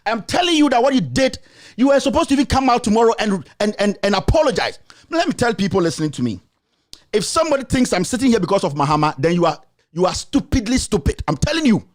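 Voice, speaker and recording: Ranting Ghanaian man, very high voice. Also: big pitch swings, quick pace. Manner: scolding, repetitive, insulting. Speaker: political commentator and show host. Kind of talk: angry political rant.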